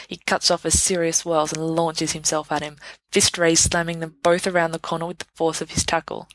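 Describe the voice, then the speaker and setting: Low-voiced woman reading a story. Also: little pitch movement, brisk, few pauses, dry recording, poor audio. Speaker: podfic reader. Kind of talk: scripted narration.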